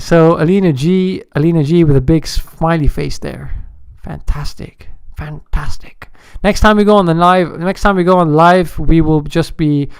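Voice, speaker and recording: Animated, joking male livestream host, slightly high voice, dry close mic. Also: clear, resonant tone, no room sound. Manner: animated, joking, chatty with viewers. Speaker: day-trading livestream host. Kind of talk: casual live-stream commentary.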